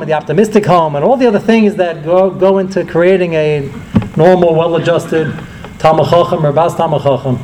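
A man's voice: a little high, a little hiss or hum, rough recording. A middle-aged man, giving a Torah lecture as a rabbi and telling stories with acted quotes. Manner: storytelling, lively acted quotes, rising and falling delivery.

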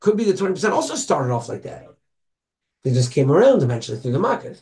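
Fast and fairly high-pitched, this man offers a Torah thought to an informal study group. He throws out rhetorical questions with animation, cites Hebrew sources, and blends Hebrew and Yiddish words into his speech.

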